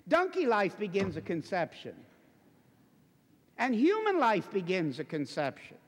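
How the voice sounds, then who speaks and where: A high-pitched man preaches with lively, swooping intonation, pressing each point home with impassioned emphasis. His voice rings out in a church, trailed by a long reverberant hall echo. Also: a little slow, long pauses. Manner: impassioned, emphatic, building to forceful declamation. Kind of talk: sermon. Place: church before a congregation.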